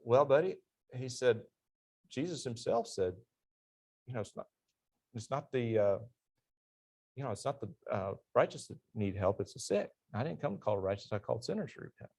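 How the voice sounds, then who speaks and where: A man's voice: mid-range voice, expressive, moderate pace, long pauses, a little mellow. A middle-aged man, an army veteran and interview guest, telling stories animatedly and laughing at his own punchlines. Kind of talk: storytelling in a church class interview.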